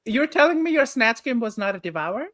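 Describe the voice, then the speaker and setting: Lively high-voiced woman co-host, blunt. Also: a little fast. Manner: opinionated, laughing, blunt swearing. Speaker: podcast co-host. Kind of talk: casual podcast chat.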